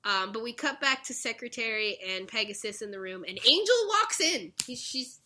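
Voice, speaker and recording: Animated young woman, bright lively voice. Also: a little high, normal speed. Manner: animated retelling, acts out characters' lines, laughs often. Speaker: podcast co-host recapping a show. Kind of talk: casual chat.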